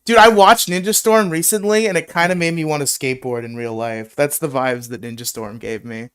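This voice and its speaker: A man's voice: on the high side, steady tone, brisk, fairly bright tone, clean tone. A young man hosting a live talk show, joking, swearing freely and laughing often. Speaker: podcast host. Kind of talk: casual chat on a live show.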